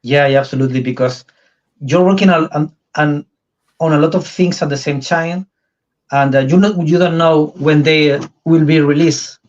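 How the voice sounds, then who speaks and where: A man from Spain with a Spanish accent, speaking non-native English in a halting way, often pausing to find words. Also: a little high, a little mellow. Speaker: interview guest, comic artist. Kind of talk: casual interview chat. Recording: slightly dull lo-fi sound.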